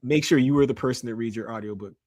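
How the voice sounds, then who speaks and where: A middle-aged man from Canada, a podcast guest and author, talking in an animated, emphatic way. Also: mid-range voice, fast, dry recording, clean studio sound. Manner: animated, emphatic storytelling with laughs. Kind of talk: casual podcast conversation.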